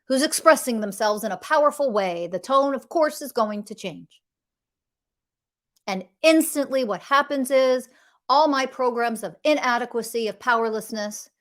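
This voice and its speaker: A middle-aged woman hosting a podcast, speaking bluntly and emphatically about emotional health and swearing freely. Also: mid-range voice. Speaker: podcast host.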